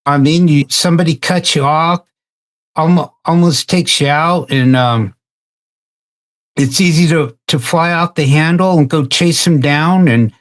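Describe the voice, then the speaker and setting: A man in a casual roundtable discussion, telling a story in a halting way and often repeating words. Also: on the high side. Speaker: roundtable participant.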